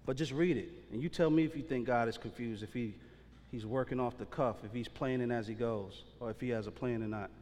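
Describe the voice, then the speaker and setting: A man's voice: medium pitch, fairly quick, a little mellow. A man preaching a sermon as pastor, in a casual, slangy way that keeps checking in with the congregation. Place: church sanctuary. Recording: long reverb of a large hall.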